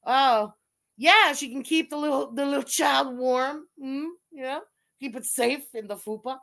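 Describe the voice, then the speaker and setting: Woman streamer cackling thru crude roast chat, really high voice. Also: a little slow, vocal fry, a bit bright. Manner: giggly, crude and mocking, laughs often. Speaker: livestream host. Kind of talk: casual livestream commentary.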